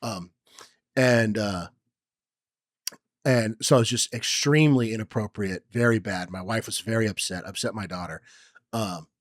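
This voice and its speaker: A young man with a lowish voice tells a story on a podcast, rambling and full of ums. He jumps into loud quoted lines now and then. The sound is dry and close. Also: moderate pace, long pauses, no room sound. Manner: rambling, many ums, acts out quotes loudly. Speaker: podcast co-host. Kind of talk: casual chat, personal story.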